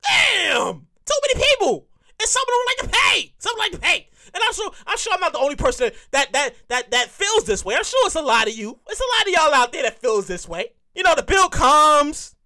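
A woman hosts a comedy podcast in a loose monologue full of profanity and repetition. Her voice sits very high and bright. Her pitch swings widely as she tells her stories. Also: a little fast. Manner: profane, animated storytelling with repeated phrases. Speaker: comedian host. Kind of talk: stand-up style podcast monologue.

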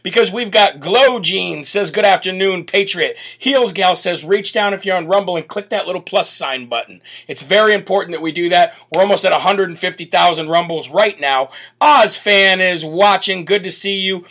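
American male host, bright and punchy, upbeat chatty shout-outs to viewers. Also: sits high, normal speed, few pauses. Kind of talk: live show reading viewer comments.

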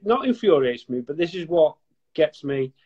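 Guest slot: gruff-mouthed northern English man, Scouse-sounding accent, fairly high voice, muffled lo-fi webcam sound. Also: big pitch swings, moderate pace, a little mellow. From northwest England, near Liverpool. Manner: blunt, profane, banter-heavy. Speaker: guest gecko breeder. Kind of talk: casual, sweary live chat. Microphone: webcam on a live video call.

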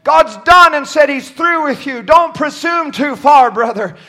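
A man preaching a sermon from a church pulpit, shouting at times and dropping low at others, often stumbling over his words. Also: animated, a little slow. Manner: impassioned, swings from shouting to near-quiet.

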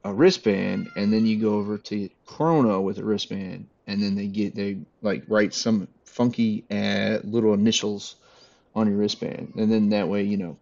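A man chatting casually with friends, relaxed and laughing between points. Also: fairly low pitch, moderate pace, gravelly, highs cut off. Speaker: podcast co-host. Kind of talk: casual chat.

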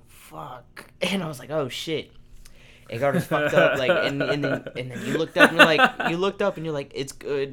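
A man's voice: mid-range voice, a bit bright. A young man hosting a podcast, telling a story casually, acting out quotes and swearing freely. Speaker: podcast host.

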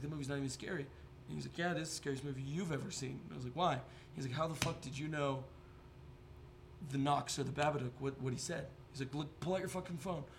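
A man's voice: medium pitch, creaky, slight background noise. A young man hosting a podcast, chatting casually and telling jokey stories full of swearing. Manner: profane, rambling, jokey storytelling. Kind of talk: casual chat.

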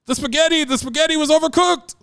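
A man imitating an excitable older male sportscaster, shouting catchphrases at home. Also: very high-pitched, fast talker, creaky, no echo, clean studio sound, pitched above the performer's own voice, full character voice. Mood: hyped.

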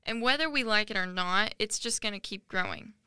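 A woman's voice: medium pitch, lively intonation, fairly quick, bright, forceful tone, clear, resonant tone, dry recording, clean studio sound. A young woman in her late teens hosting a podcast, talking earnestly and emotionally in a rambling personal monologue with many fillers. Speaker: podcast host.

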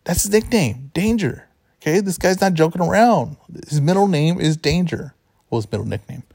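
A podcast host talks sports betting in a chatty, rambling way, fixing his own words as he goes. His voice is fairly high, expressive, creaky and a little mellow at normal speed, captured in studio quality with no echo.

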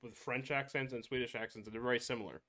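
A man's voice: mid-range voice, steady tone, quick pace, sharp tone. A man co-hosting a podcast in casual chat, wry and teasing.

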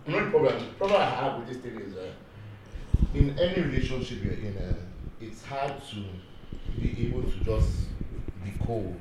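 A man with a Nigerian accent chatting casually as host, telling animated stories and slipping into Pidgin phrases. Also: medium pitch, moderate pace. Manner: animated storyteller who switches into Pidgin and Yoruba. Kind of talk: casual chat. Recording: echoey room with background noise.

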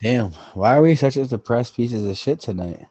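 A man's voice: mid-range voice, lively intonation, normal speed, slightly rough, dry recording, rough recording. A young man co-hosting a podcast, chatting casually and swearing freely. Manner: profane, laid-back, bursts into loud acting. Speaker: podcast co-host. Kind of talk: casual chat.

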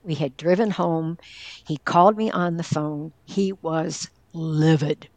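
An older woman from northwestern Pennsylvania tells a personal story in an interview. Her voice sits fairly low and is heard close and dry, with no room sound. She talks earnestly and candidly. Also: takes it slowly, darkish tone, no room sound. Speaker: guest, caregiver and former teacher.

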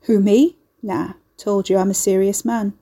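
A woman's voice: medium pitch, steady tone, a little slow, mellow, husky. A woman voicing a shifty, sarcastic male soothsayer, talking in a blunt, teasing way. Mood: mocking. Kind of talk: audiobook character voice.

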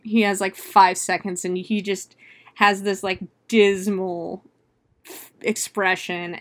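A woman's voice: mid-range voice, fairly bright tone. Chatty, foul-mouthed woman recapping a movie. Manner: chatty, profane, full of "like" fillers; laughs often while retelling. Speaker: film reviewer.

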